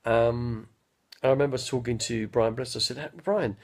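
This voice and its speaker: A man in his fifties telling rambling stories on a live stream, speaking slowly with a slight stutter and often losing his train of thought. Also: mid-range voice, little pitch movement. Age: 50s. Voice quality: gravelly, husky. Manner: slow, halting, loses his train of thought. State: mild stutter after head injury. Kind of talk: rambling casual storytelling.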